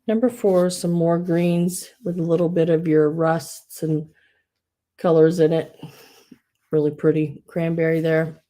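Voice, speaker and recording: A woman's voice: low-pitched, level tone, measured pace, warm tone. A woman hosting a casual live sale, rambling with many fillers and restarts, a little wheezy. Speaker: live online sale host. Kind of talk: casual live sales chat.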